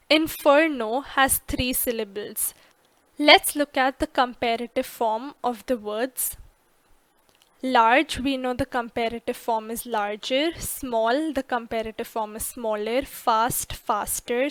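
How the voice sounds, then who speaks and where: A woman narrating an English grammar lesson, slow and careful, stressing each example word clearly. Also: fairly high pitch, fairly bright tone, dry recording.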